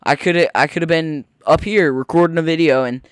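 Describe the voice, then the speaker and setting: A teenage boy rambling through a story while commenting on his gameplay, often cutting himself off and getting excited. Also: a little high, a little fast, smooth, no echo, clean studio sound. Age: teens. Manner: rambling, self-interrupting, excitable. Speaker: gaming video host.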